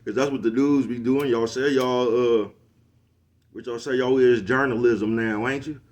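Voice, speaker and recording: In a mid-range, slightly mellow voice with fairly even intonation, a middle-aged man talks at a moderate pace. He's a vlogger hosting his own show, ranting casually and slangily to the camera and always asking if you know what he's talking about.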